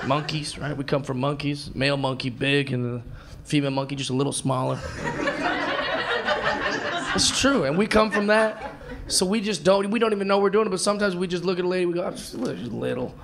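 A man in his thirties doing brash live stand-up comedy, swinging between shouted punchlines and muttered asides. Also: a little high, a little fast. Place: comedy club stage with a laughing audience. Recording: live club recording with audience noise.

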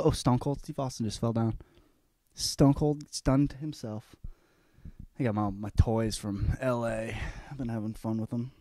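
A man's voice: on the high side, a little mellow, dry recording, clean studio sound. A young man hosting his own podcast, talking in a cocky, profane, rambling comic monologue full of restarts. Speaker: podcast host.

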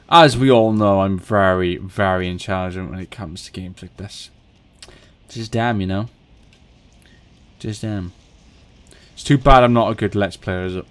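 Man, slow-paced, let's play commentary, swears, panicky outbursts, self-mocking jokes. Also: deep voice, clear, resonant tone. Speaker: gaming video host. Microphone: desk mic on a stand.

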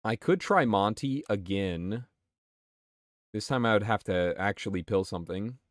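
A man's voice: fairly low pitch, lively intonation, a little slow, no echo, studio quality. A man streaming a game, talking casually and swearing while he answers his chat. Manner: chatty and profane, answering chat. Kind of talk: casual gameplay commentary.

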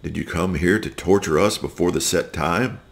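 Possessed man begging for mercy, read by a man, very deep and gravelly. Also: normal speed. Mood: pleading. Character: demon-possessed man, frantic and pleading.

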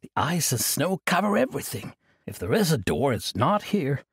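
An earnest young man who begs and reasons, as a man puts him on. His voice is raised and breathy, and it rises and falls a lot. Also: on the high side, very animated, normal speed, no echo, studio quality, heavily acted. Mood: pleading. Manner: earnest, pleading. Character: earnest young male companion, pleading.

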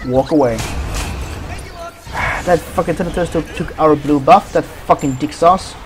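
A man's voice: on the high side, measured pace, over music. A man giving profane commentary over his own gameplay, trash-talking opponents. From Sweden. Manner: swears a lot, trash-talks opponents. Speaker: gaming commentator.

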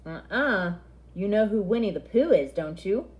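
A woman voicing a cocky teenage boy who teases in a lower, slow, mocking voice. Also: lively intonation, darkish tone, lightly acted, rough recording. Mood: teasing. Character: cocky teenage boy, teasing big brother.

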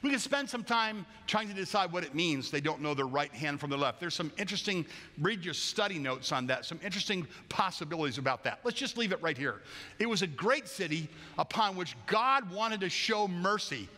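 A man's voice: sits high, lively intonation, brisk, pushed and bright. A man preaching a sermon as pastor in a church, conversational and wry with playful asides. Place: church sanctuary. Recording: long church hall reverb.

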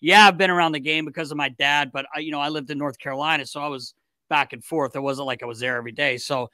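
A man hosting a podcast, telling a locker-room story in an animated, casual way with restarts and swearing. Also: on the high side, fast, dry recording, studio quality. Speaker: podcast host and former hockey player.

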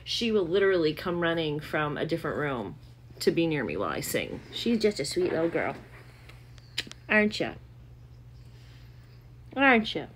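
A woman's voice: low voice, very animated, fairly quick, a little hiss or hum. A woman vlogging at home in casual, chatty talk, full of "like" fillers. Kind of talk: casual chat.

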